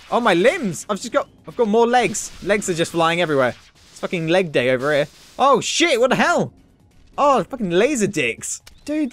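A young man commentating his own gameplay, excitable, swearing and joking at himself. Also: extremely high pitch. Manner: excitable, swearing, self-mocking jokes. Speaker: gaming video host. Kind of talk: let's play commentary.

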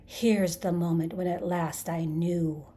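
A woman voicing a rasping, vengeful creature spirit. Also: fairly even intonation, takes it slowly, dark tone. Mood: hateful. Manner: low menacing rumble, rasping and bellowing. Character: vengeful reincarnated male creature spirit, bitter and menacing. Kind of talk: audiobook character voice.

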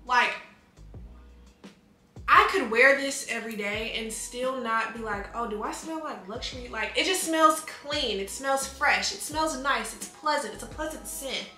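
A young woman chatting excitedly in a casual review video, talking fast with lots of fillers. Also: on the high side. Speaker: beauty vlogger. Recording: echoey room with faint music.

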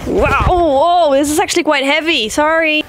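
A woman with a high-pitched voice chatting in a casual vlog. She is bubbly and excitable and breaks into exclamations often. A bit of music plays faintly behind her. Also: normal speed. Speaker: YouTuber host.

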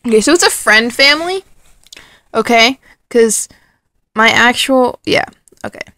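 A woman's voice: fairly high pitch, expressive, unhurried, bright, forceful tone, dry recording, clean studio sound. A woman vlogging late at night in a dim room, rambling and reading out text messages. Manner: rambling, giggly, quotes text messages aloud. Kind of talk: casual late-night vlog.

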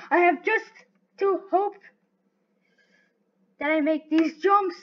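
A woman giving live gameplay commentary, excitable and talking to herself as she plays. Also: very high voice, takes it slowly, pauses often. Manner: excitable, talks to herself while playing. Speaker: gaming video host. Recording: dull lo-fi recording.

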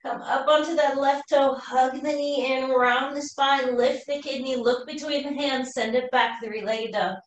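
A woman teaching a live yoga class, cueing poses calmly while doing the flow herself and running out of breath. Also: high voice, measured pace, few pauses, slight background noise. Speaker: yoga instructor. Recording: roomy echo from far off the mic.

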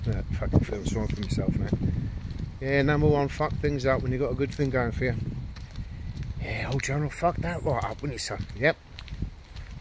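Outdoors with his dogs, a man with a mid-range voice records a casual, rambling vlog over background noise. He rambles and rants, swearing heavily and cracking self-deprecating jokes.

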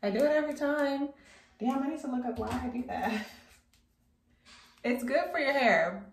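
A woman's voice: high-pitched, moderate pace, vocal fry. Chatty woman vlogging in an echoey room. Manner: chatty, talks to viewers while doing her hair. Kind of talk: casual vlog chat. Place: at home indoors. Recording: echoey room, faint background noise.

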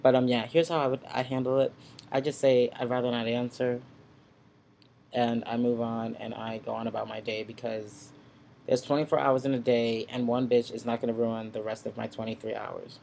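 Sassy, blunt man with a gravelly voice. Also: medium pitch, flat delivery, brisk, darkish tone, a little hiss or hum. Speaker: vlogger. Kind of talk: casual ranting vlog. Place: at home in front of a computer. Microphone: built-in computer webcam mic.

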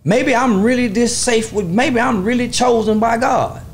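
High-voiced bold boastful man. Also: normal speed. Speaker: interview guest. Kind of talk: casual interview talk.

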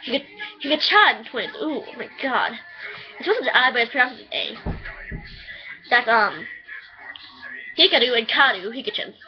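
A woman rambling casually through a review, chatty and quick to swear. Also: on the high side, lively intonation, faint music behind. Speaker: anime reviewer. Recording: dull lo-fi home recording.

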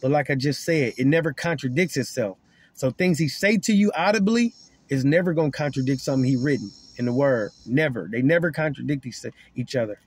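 A man's voice: medium pitch, a little fast, breathy edge, dry recording. A man giving an informal Bible teaching, earnest and repetitive, often stumbling over and repeating his words. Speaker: online preacher.

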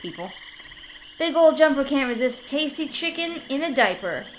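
A woman's voice: high voice, expressive, normal speed, slight background noise, pitched above the performer's own voice. A woman reading the lines of a folksy old male gator-pit keeper in a video game, plainly and without an accent, as he talks about himself in the third person. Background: game music.

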